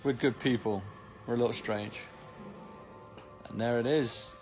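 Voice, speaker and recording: A man's voice: medium pitch, fairly even intonation, measured pace, music in the background. A British man chatting casually on a live stream, reading comments with cheeky, joking banter. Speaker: actor streaming live to fans.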